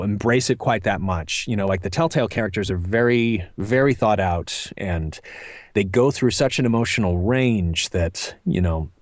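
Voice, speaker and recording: A man's voice: fairly low pitch, dry recording, studio quality. A middle-aged man, a voice actor, answering interview questions in a thoughtful, meandering way with many fillers. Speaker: voice actor guest.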